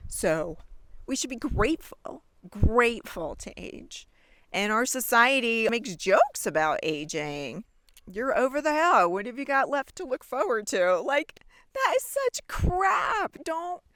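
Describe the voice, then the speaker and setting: A woman's voice: mid-range voice, fairly bright tone, no echo. Earnest, laughing woman in her sixties. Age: 60s. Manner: earnest and encouraging, laughs often. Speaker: vlogger. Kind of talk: reflective outdoor vlog talk. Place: outdoors on a forest hiking trail. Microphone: handheld camera.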